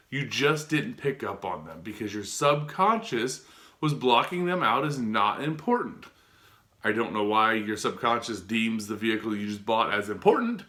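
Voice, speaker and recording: A man's voice: medium pitch, a bit bright. A man giving an earnest, casual motivational talk to his viewers, often restarting and asking them direct questions. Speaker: self-help vlogger.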